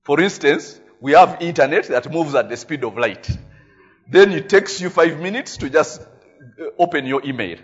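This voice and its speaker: A man with a Ugandan English accent preaching a sermon, telling stories in a lively way, tagging his lines with "eh?" and laughing often. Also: a little high, normal speed, slightly rough, muffled recording. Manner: animated storytelling, frequent "eh?" tags, laughing often. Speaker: pastor.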